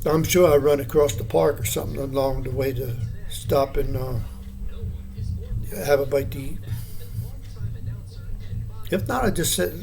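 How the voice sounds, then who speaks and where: A man's voice: mid-range voice, unhurried, vocal fry, pauses often, darkish tone, faint music behind. An older man talking casually to the camera in a meandering, plainspoken way, with many fillers and restarts. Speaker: vlogger. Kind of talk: casual rambling monologue.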